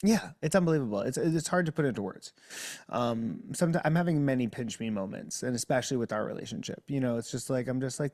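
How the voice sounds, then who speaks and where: A man from New Jersey speaks as a guest in a relaxed podcast conversation. He is exuberant and theatrical, and his voice leaps upward whenever he gets excited. His pitch sits in a middle range for a man. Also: fast. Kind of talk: casual interview chat.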